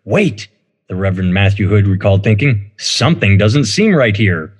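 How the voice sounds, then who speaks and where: A man's voice: on the low side, lively intonation, normal speed, slightly rough. A man hosting a casual comedy podcast, reading news stories aloud and riffing on them with sarcasm. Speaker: podcast host.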